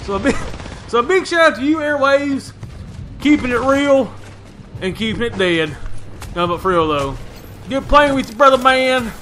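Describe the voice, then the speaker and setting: A man's voice: extremely high pitch, animated, moderate pace, long pauses, sharp tone, slight background noise. A young man, commentating a shooter game in brash, profane, folksy trash talk. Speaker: gaming YouTuber.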